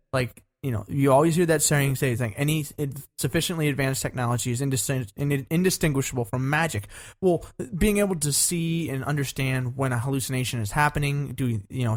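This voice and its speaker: A man of middle pitch talks about how the brain works with real enthusiasm. He mixes in jokes and teasing. His tone is loose and conversational. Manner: joking, enthusiastic explainer of science. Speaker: podcast co-host. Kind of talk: casual chat.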